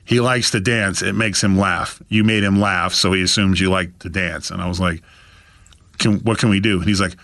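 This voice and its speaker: A man spins an animated story as a podcast guest, jumping into the voices of the people he quotes. His tone is bright and forceful. The sound is dry and close. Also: moderate pace, no room sound. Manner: acts out quoted voices with big pitch jumps. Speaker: guest, author.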